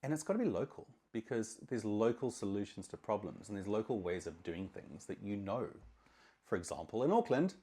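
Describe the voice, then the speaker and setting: Low-voiced man lecturing casually to camera. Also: big pitch swings, fairly quick, mellow. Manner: emphatic, conversational, with repeated words. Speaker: marketing consultant, podcast host.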